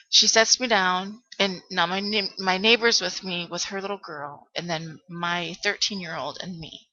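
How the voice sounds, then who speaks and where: A middle-aged woman vlogging to her webcam, retelling a frightening day in a halting way, full of ums and restarts. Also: mid-range voice, fairly even intonation, sharp tone, dry recording, muffled recording. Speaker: vlogger telling a personal story. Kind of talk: emotional personal storytelling to camera.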